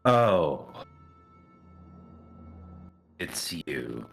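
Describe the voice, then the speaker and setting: A man's voice: very deep voice, very animated, creaky, faint music behind, heavily acted. A man voicing a cool, aloof woman sage. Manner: measured, cool and faintly condescending.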